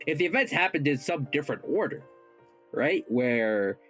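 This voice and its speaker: A man's voice: a little high, lively intonation, normal speed, a bit bright, soft background music. A man playing in a tabletop game, talking hesitantly with plenty of fillers. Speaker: player. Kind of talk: casual tabletop role-play.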